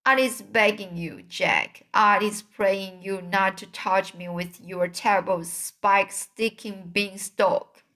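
A woman's voice: fairly even intonation, very slow, hardly any pauses. A woman voicing a huge, terrified male giant in a storybook reading, screaming and pleading in a raised voice. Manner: screaming, pleading, high and loud. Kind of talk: storybook read-aloud.

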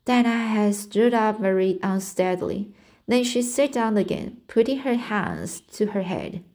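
A woman's voice: medium pitch, animated, a little slow, darkish tone. A woman reading a classic novel aloud, hesitant, stumbling over words and restarting. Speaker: reader.

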